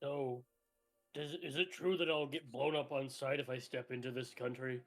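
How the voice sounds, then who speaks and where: A man playing a tabletop game, excitable and joking, describing what his character does. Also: medium pitch, normal speed, faint music behind. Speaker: player. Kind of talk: casual tabletop play.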